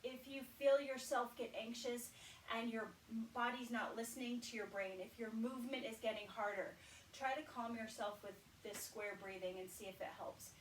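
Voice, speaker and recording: Calm woman instructor in a roomy space. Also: fairly high pitch. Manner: calm, encouraging, counts out breaths slowly. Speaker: exercise instructor. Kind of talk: guided breathing exercise class. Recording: roomy sound, voice from a distance, faint background noise.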